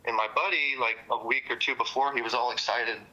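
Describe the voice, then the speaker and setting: A man's voice: medium pitch, fairly even intonation, fairly quick, sharp tone, muffled recording. A man recounting events to police in a rambling, casual way, full of fillers and cussing. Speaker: witness interviewed by police.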